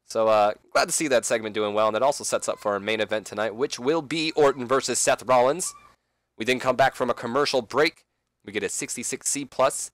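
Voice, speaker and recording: Man, casual game commentary, rambling asides, mid-pitched voice, dry close recording. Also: fairly quick, a bit bright, dry recording. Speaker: let's play commentator.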